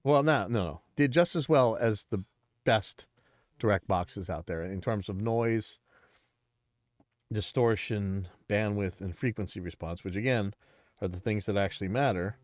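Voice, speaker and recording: Stuffy male host, low voice, blunt rambling commentary, dry close sound. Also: a little slow, no room sound. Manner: blunt, rambling, many restarts. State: stuffy nose, clearing throat. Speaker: livestream host. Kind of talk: casual livestream commentary.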